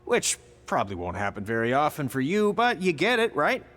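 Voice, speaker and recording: A man's voice: on the high side, wildly swooping pitch, brisk, fairly bright tone. An actor voicing a sardonic veteran male wrestling trainer who teases his students. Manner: sarcastic, teasing. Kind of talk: video game cutscene acting.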